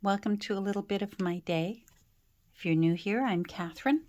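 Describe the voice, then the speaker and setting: A woman's voice: medium pitch, normal speed, darkish tone. A middle-aged woman from Canada chatting casually with lots of fillers and restarts while she works on a craft project in her home studio. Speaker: craft vlogger.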